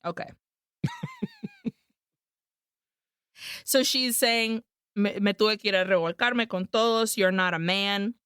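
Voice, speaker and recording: Smooth-voiced woman recapping a film. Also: mid-range voice, normal speed, fairly bright tone, no echo, studio quality. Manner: recaps the plot, switching between English and Spanish, swears freely. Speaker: podcast co-host. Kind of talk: casual film-recap chat.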